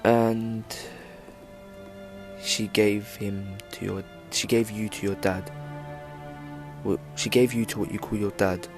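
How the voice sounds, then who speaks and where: A young vlogger recounts a personal story, rambling and leaning heavily on "like" as a filler. His lowish voice keeps a level tone, moving slowly with long pauses, over music.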